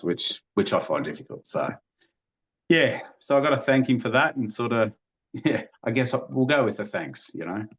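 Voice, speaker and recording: A man's voice: mid-range voice, very animated, normal speed, fairly bright tone. A man, a podcast guest telling family stories in a rambling way, with many restarts and small laughs. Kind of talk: casual storytelling.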